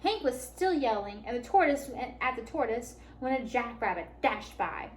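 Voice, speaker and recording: A woman reading a picture book aloud to children at a library storytime, warm and animated. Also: a little high, moderate pace, slight background noise. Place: public library.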